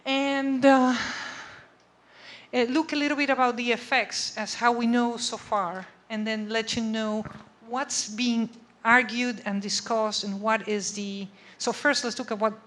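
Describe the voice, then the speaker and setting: A woman with a fairly high, fairly bright voice gives a conversational academic lecture in a lecture room. She often checks in with her audience, asking "okay?" and "right?" to confirm they understand.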